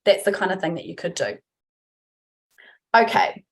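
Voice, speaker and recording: A woman's voice: on the low side, very animated, moderate pace. A woman giving a webinar talk as a workplace trainer, chatty and informal, acting out example phrases. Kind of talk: webinar presentation.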